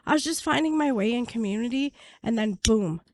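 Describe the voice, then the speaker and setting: A woman guest on a podcast, telling her story bluntly and swearing freely, her voice going hoarse. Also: a little high, lively intonation, a little fast, no echo. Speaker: podcast guest, prisoner advocate. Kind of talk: candid storytelling interview.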